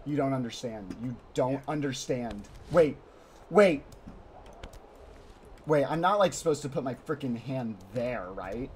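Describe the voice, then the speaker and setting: A young man livestreaming a hard climbing game, talking to his chat in a panicky, pleading way, often repeating himself and sometimes shouting. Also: medium pitch, expressive, measured pace, pauses often, slight background noise. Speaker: livestreaming gamer. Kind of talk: live gameplay commentary.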